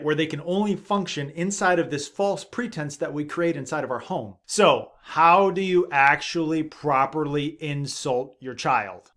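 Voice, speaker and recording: Man, thirties, parenting host; earnest and emphatic, a touch higher voice, low asides. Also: fairly bright tone. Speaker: parenting video host, father of seven. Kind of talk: direct-to-camera advice talk.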